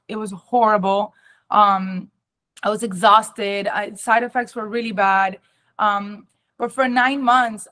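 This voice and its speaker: A young adult woman giving a personal testimony at an awareness talk, emotional and halting, with many ums and restarts. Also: medium pitch, fairly bright tone.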